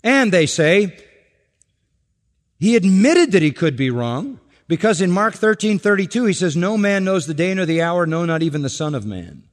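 A man with a somewhat high voice delivers an expository sermon in a church. He speaks slowly and emphatically and poses rhetorical questions. The sound carries a long reverb from the sanctuary. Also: sing-song. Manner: emphatic, slow deliberate phrasing with rhetorical questions. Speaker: pastor.

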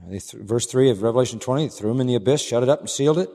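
A male pastor delivering an expository sermon with emphatic, driving conviction, dropping low for asides and rising for key points. His mid-pitched voice carries a long reverb from a large church hall. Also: racing, dark tone. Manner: emphatic, swinging from low asides to raised declarations.

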